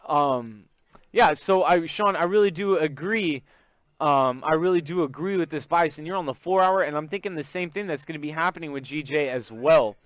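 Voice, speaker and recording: A Texan man with a Southern accent hosts a live forex trading stream, chatting casually and greeting viewers by name. His voice is on the high side, at normal speed, in a dry recording.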